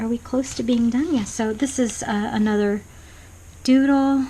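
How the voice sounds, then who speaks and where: Soft-spoken woman rambling at her craft desk. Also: mid-range voice, a little hiss or hum, poor audio. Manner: rambling and soft-spoken, many ums and restarts. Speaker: craft vlogger. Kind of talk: casual show-and-tell flip-through.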